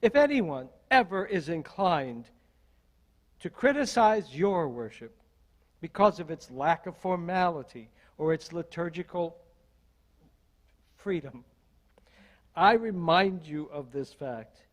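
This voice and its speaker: Delivering his sermon slowly and deliberately, an older man serving as associate minister poses one rhetorical question after another. His voice is fairly high and expressive, captured in a rough recording.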